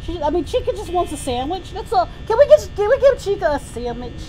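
A woman streaming a horror game in character as a cheerful, naive male hero, yelling and pleading at the monsters on screen. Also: extremely high pitch, sing-song, a little fast, faint music behind, poor audio. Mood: goofy. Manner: jumpy, yelling and pleading at the game's animatronics.

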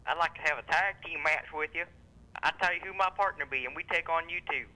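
Bright-voiced rowdy man caller. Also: a little high, fast, poor audio. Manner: rowdy, mocking.

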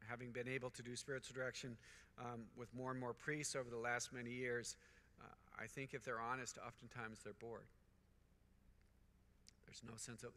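A man's voice: mid-range voice, pushed and bright, in a large hall. A middle-aged man, a priest, preaching a conference homily to fellow priests in an earnest, repetitive cadence, telling anecdotes. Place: large conference hall.

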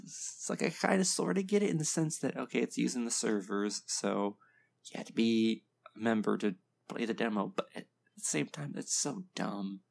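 Male reaction host, mid-pitched with a gravelly edge, blunt and opinionated, casual. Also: expressive, normal speed, a little mellow. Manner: blunt, opinionated, lots of ums and laughs. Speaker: video game reaction host.

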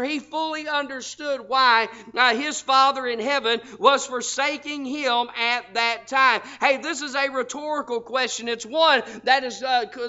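A man's voice: very high-pitched, bright, forceful tone, smooth, dull audio. A man preaching a fervent, emphatic sermon as pastor in a church. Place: church sanctuary.

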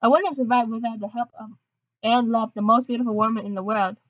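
A woman's voice: a little high, fairly even intonation, fast, dry recording, natural voice. A woman voicing a tough but loving teenage boyfriend in a plain, sincere tone, on a dull lo-fi recording.

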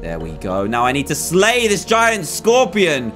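A young man with a high voice talks through a game as he plays it, excitable and quick to exclaim. Faint music runs quietly under his commentary. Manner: excitable, often exclaiming and laughing. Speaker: gaming video host. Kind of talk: playful gameplay commentary.

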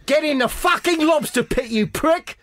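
A man putting on a shouting, swearing thug rapper in a mock Australian accent. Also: very high-pitched, normal speed, no room sound, clean studio sound, pitched above the performer's own voice. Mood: menacing. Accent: attempted Australian. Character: violent shouting male rapper posing as waiter.

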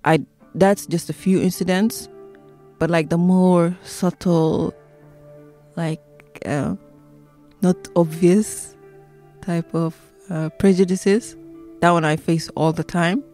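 A woman's voice: on the low side, fairly even intonation, takes it slowly, pauses often, mellow, faint music behind. A woman recounting her experiences in a casual interview, talking loosely with many fillers. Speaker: interviewee, city resident.

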